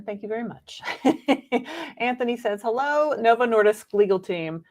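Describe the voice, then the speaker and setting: A woman co-hosting a casual livestream, animated and teasing. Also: a little high, unhurried. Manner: animated, laughs easily, teasing. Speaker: co-host.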